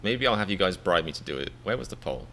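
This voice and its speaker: An English man in his thirties talks straight to his live viewers, rambling and poking fun at himself with mock exasperation. His voice sits a little low but has a bright, forceful edge. A faint hiss runs underneath. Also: expressive, fast talker. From England. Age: 30s. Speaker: live reaction streamer. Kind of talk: casual live-stream chat.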